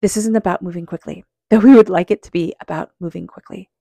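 A woman giving a psychic tarot reading, earnest and speaking straight to the listener, calm with slow passages. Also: on the low side, vocal fry, no echo. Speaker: tarot reader.

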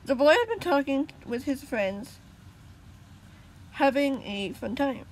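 A woman's voice: sits high, lively intonation, slow pace, very noisy. A woman reading her own story aloud, casual, with small slips and restarts.

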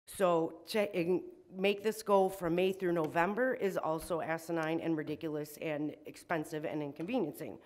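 A woman giving public comment at a city meeting, shaky and emotional, indignant, with frequent ums. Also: on the low side. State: shaking with emotion. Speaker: resident speaking at public hearing.

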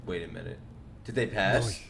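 A man reacting to an anime episode, joking around and bursting into excited shouts. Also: low voice, normal speed, vocal fry.

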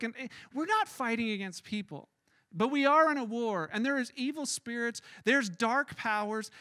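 This is a church sermon from a pastor with a high, bright voice, animated and conversational as he acts out scenes. The sound is dry and close-miked, with hardly any echo from the room.

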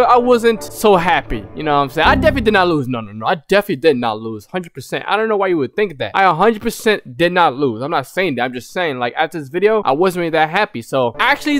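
A young man casually commentating his own gameplay, excitable and full of rapid repeated callouts. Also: sits high. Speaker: gaming YouTuber.

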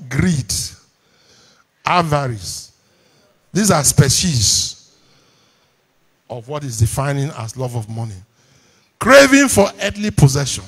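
A man with a Nigerian English accent, preaching a sermon from a church pulpit, calling on the congregation to repeat lines back to him. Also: a little high. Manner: call-and-response preaching, repeats lines for emphasis. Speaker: pastor. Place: church hall.

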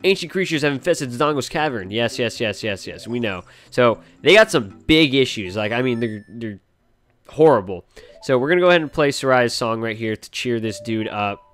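A man's voice: mid-range voice, lively intonation, moderate pace, fairly bright tone. A man giving casual, rambling and profane commentary on a video game from his home, joking as he plays. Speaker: gaming channel host. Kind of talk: casual let's play commentary.

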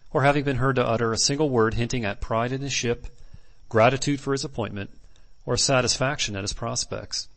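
A man narrating a classic novel as an audiobook in measured, deliberate phrases. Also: medium pitch, creaky, fairly bright tone.

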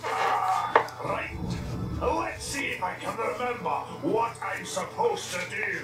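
A man voicing a grumpy, sleepy male warp stone spirit in a video game, speaking gruffly with a Scottish accent and bossing the player around. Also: sits high, slow. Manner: gruff, impatient, bossy. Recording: echoey, distant, over loud game music.

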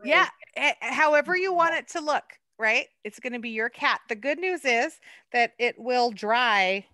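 A woman art docent leading a hands-on clay lesson, chatty and quick to laugh at herself. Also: fairly high pitch, expressive, sharp tone, dry recording.

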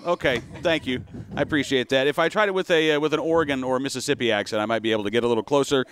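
A man with a slightly high voice hosts a radio talk show live from a convention booth. He is chatty and self-deprecating, and he fumbles guests' names with good humor. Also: fast talker, clean tone.

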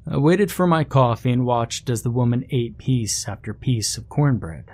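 A man reads a first-person horror story aloud in a measured storytelling style. His voice sits in a middle register, and he drops in casual conversational asides. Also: mid-range voice, lively intonation, darkish tone. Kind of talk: scripted horror story narration.

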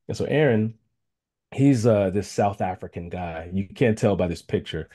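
A man of about forty, from the Chicago area, tells a personal story as a guest speaker on a video call. He speaks earnestly and haltingly, with many fillers and restarts. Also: low voice, mellow. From Chicago area, United States.

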